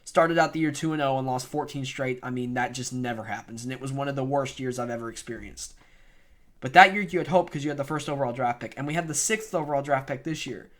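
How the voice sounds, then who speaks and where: A man's voice: mid-range voice, quick pace. A young man giving an unedited, opinionated rant about his favorite football team. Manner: opinionated, animated, ranting. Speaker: sports fan vlogger.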